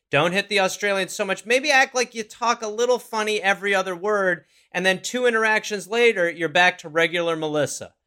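A man co-hosting a comedy advice podcast, teasing and playful in casual chat. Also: sits high. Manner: playful, teasing, bursts of loud laughter-laced protest. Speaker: podcast co-host.

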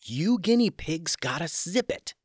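A man's voice: on the high side, very animated, measured pace, slightly rough, no echo, clean studio sound, pitched above the performer's own voice, full character voice. A man voicing a brave young woman who leads the group, talking in an urgent, commanding way in a children's audio story. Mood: hushed stern.

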